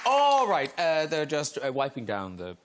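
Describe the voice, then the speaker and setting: A man in his fifties with an Irish accent, hosting a television chat show and teasing guests with quick jokes. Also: medium pitch, big pitch swings, a loud crowd, very noisy. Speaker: talk show host. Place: television studio with live audience. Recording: loud audience and music behind. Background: loud studio audience laughter and music.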